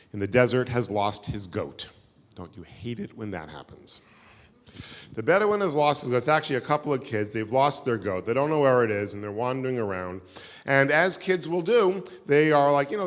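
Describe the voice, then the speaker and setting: Male lecturer, chatty self-deprecating storyteller, live in a reverberant hall. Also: medium pitch. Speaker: keynote lecturer. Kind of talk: live lecture with audience questions. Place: synagogue hall.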